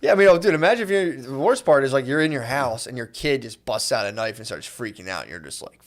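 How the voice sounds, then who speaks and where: Fast-talking, profane man co-hosting a podcast, riffs loosely and acts out scenes. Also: mid-range voice, lively intonation. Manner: rambling and profane, acts out scenes with quoted voices. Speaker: podcast co-host. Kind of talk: casual chat.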